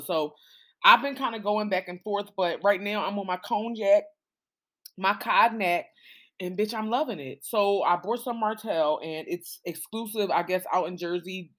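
A woman in her thirties hosting a casual solo podcast, chatty and rambling, swearing freely and calling her listeners y'all. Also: medium pitch. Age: 30s. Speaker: podcast host.

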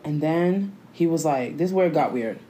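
This woman co-hosts a podcast, telling stories animatedly in slangy conversation and performing quoted lines. Her voice is low and her speed normal, with slight background noise.

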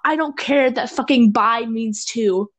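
A woman's voice: a little high, measured pace. A woman co-hosting a casual podcast chat, teasing her friend, ranting and swearing a lot, with mock impressions of other people. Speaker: podcast co-host.

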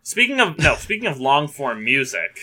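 A young man talks casually on a music podcast, thinking aloud and hedging his opinions. His voice is bright, and his pitch moves a lot. He comes across as lively. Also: moderate pace, breathy edge. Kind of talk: casual chat.

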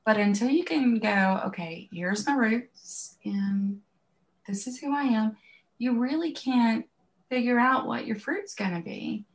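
A woman's voice: on the high side, measured pace. A woman in her late fifties with a Southern US accent, a podcast guest speaking candidly in a casual interview. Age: 50s.

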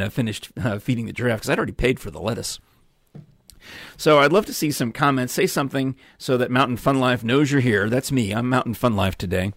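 A man's voice: medium pitch, creaky, no echo, studio quality. An older man from New York hosting a live show, telling rambling stories to viewers with lots of ums and asides. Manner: chatty storyteller, many ums and asides. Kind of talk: rambling casual chat to viewers.

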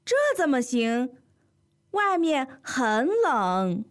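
A firm, insistent parent in a scripted language-lesson dialogue, played by a woman. The voice sits fairly high and moves with lively melody. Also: drawn-out words, exaggerated voice. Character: insistent parent telling a child to dress warmly.

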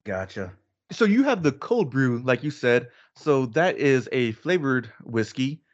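A man hosting a casual podcast, relaxed and jokey, sometimes trailing off quietly. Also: mid-range voice, a little slow, highs cut off. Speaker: podcast host. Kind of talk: casual chat.

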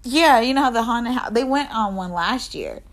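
A woman co-hosting a casual chat podcast, telling stories animatedly and acting out quotes, sometimes dropping to a near whisper for asides. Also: moderate pace. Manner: animated storytelling, acts out quotes with big pitch jumps and laughter. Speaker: podcast co-host.

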